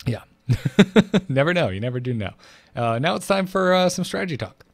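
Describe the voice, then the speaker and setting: A man's voice: a little high, very animated, moderate pace, dry recording. A man co-hosting a casual gaming podcast, chuckling often as he thanks backers and reads listener mail. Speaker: podcast co-host.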